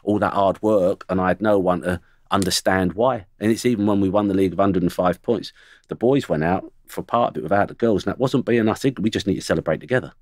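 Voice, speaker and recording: A man's voice: low voice, quick pace, no echo. A middle-aged man, a former footballer, telling blunt stories about teammates on a studio podcast. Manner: blunt, anecdotal, mimics teammates. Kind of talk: podcast storytelling.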